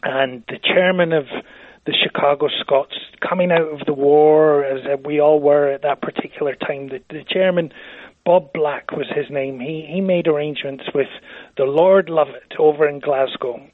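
A man's voice: a little high, normal speed, no echo. Witty man telling stories over a phone line. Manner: witty, anecdotal, quotes poetry. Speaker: charity society president, guest. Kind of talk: phone-in radio interview, storytelling. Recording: tinny phone line, dry.

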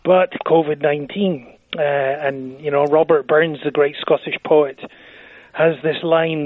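A man's voice: fairly high pitch, steady tone, a little slow, dry recording. Witty man telling stories over a phone line. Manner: witty, anecdotal, quotes poetry. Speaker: charity society president, guest. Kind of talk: phone-in radio interview, storytelling. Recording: tinny phone line, dry.

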